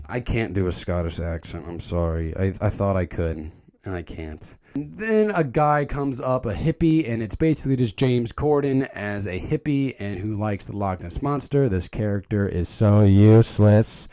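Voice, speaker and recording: A man's voice: on the low side, normal speed, mellow. A young man giving a casual, joking movie recap, rambling and stumbling over his words. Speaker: video creator recapping a movie.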